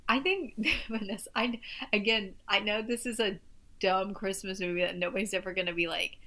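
Woman co-host, casual rambling talker, mid pitch; conversational movie chat. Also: fairly even intonation, moderate pace, bright, forceful tone. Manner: rambling, self-interrupting, lots of "like".

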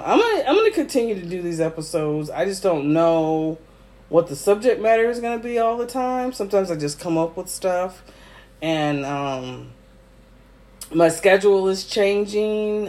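A man's voice: high voice, expressive, measured pace, a little mellow. A man hosting a casual solo podcast, teary, emotional and effusive, with frequent ums. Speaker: podcast host.

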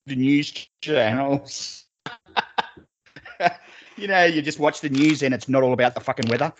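An Australian man co-hosting a podcast rambles through stories in casual chat, full of swearing and laughter. His voice is medium-pitched and a little slow.

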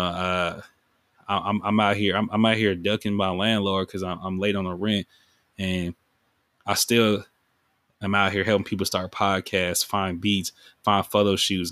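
A man's voice: low-pitched, fairly bright tone, dry recording, studio quality. A man hosting his own podcast, talking in a rambling, emotional way about his music, with many fillers. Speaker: podcast host and music artist. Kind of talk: casual reflective monologue.

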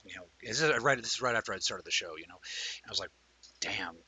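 A man hosting a live-streamed chat show, telling a rambling, animated story and talking with viewers. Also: on the low side, fast, husky, dry recording, rough recording. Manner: reads out and answers viewer comments. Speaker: livestream show host.

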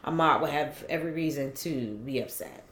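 Emphatic woman podcast co-host, bright voice. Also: deep voice, brisk, echoey room. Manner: emphatic, repeats herself. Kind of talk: casual chat. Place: room with window open.

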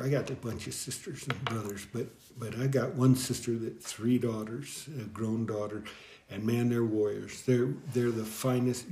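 A middle-aged man telling his life story in an interview, rambling and halting, with frequent chuckles. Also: medium pitch, a little mellow. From American Southwest. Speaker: guest deacon. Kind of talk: storytelling in conversation. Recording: echoey room.

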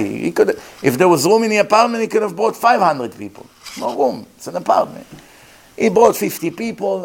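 A man's voice: on the high side, slight background noise. A man, a rabbi telling a story in a lecture, acting out the voices of the people in it and laughing often.

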